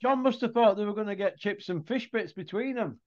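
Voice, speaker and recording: A man's voice: high-pitched, brisk, a little mellow. A man hosting casual banter, chatty and teasing. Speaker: host. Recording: dull lo-fi sound.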